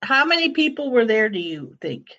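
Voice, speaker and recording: A woman in casual podcast chat, joking in a dry, deadpan way. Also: fairly high pitch, normal speed, muffled recording.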